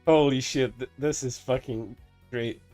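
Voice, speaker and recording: A man's voice: medium pitch, steady tone, unhurried, a little mellow, soft background music. A man streaming casual reaction commentary, cursing freely, stammering through restarts and laughing often.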